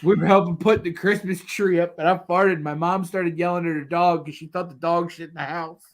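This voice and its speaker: A man in his thirties co-hosting a casual podcast, telling family stories in an animated way and laughing through them. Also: high-pitched, brisk. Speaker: podcast co-host. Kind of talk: casual chat.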